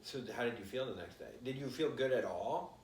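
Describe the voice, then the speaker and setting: A podcast co-host in casual chat, lively and playful, swearing freely. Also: medium pitch, brisk, slight background noise. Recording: roomy, slightly distant mic.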